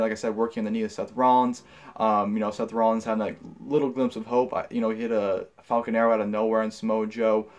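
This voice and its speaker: Casual, rambling young man reviewing. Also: fairly low pitch. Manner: casual, rambling with many fillers and restarts; blunt and profane when annoyed. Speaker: wrestling show reviewer.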